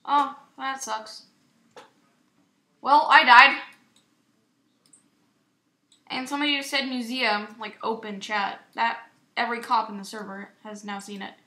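A young woman giving casual, excitable gameplay commentary as a YouTuber, chatty and self-mocking. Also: a little high. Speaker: gaming YouTuber. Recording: echoey room with faint noise.

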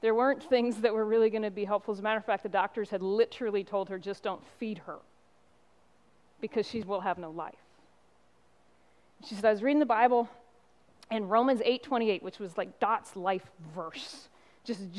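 A middle-aged woman pastor giving a sermon, telling stories and driving points home with emphatic pauses. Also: medium pitch. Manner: impassioned preaching with storytelling and emphatic pauses.

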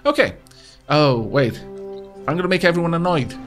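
Brief: man, let's play host, casual self-deprecating commentary, animated delivery, soft music bed. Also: on the high side, moderate pace. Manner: chatty, self-mocking, stammers on restarts.

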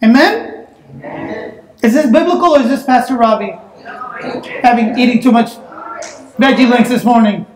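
High-voiced woman preaching in a roomy church. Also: moderate pace, long pauses. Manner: animated, bursts into shouts and laughter. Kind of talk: sermon with personal storytelling. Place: church sanctuary.

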